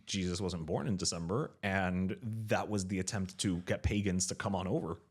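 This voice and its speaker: A man's voice: low-pitched, normal speed, slightly rough. A man co-hosting a podcast in casual chat, wry and joking. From Miami, United States. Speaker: podcast co-host.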